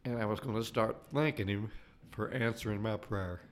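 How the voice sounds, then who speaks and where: Earnest older man, fairly low voice. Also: slight background noise. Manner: earnest, halting with frequent restarts. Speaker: layman giving a faith testimony. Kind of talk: personal testimony.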